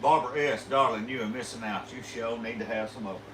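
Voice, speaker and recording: A man's voice: mid-range voice, quick pace, fairly bright tone, echoey room, distant mic, a little hiss or hum, low-quality recording. A middle-aged man with a North Louisiana country accent, chiming in easily during a live stream. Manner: country-talking, easygoing. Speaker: co-host. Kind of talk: casual live stream chat.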